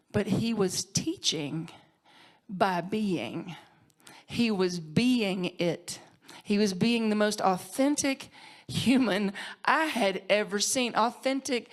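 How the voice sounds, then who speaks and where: A woman minister giving an emotional award tribute, heartfelt and tearful, laughing at times and sometimes dropping to a whisper. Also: medium pitch. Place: conference hall stage.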